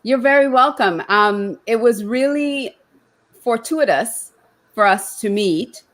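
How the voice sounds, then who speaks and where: A woman's voice: on the high side, expressive, takes it slowly, fairly bright tone. A woman hosting an online interview show, effusive and fumbling over her words, with many fillers. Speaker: show host.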